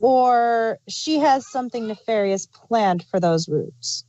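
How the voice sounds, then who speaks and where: A woman co-hosting a casual podcast, chiming in with slow, wry interjections. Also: fairly high pitch, lively intonation, background noise. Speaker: podcast co-host. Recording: slightly muffled, dry.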